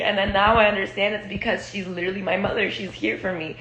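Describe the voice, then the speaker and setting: Bright-voiced woman rambling candidly. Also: medium pitch, steady tone, fast talker, dull audio. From Israel. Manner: profane, rambling, candid with frequent fillers. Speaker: vlogger. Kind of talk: casual storytelling monologue. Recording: echoey room.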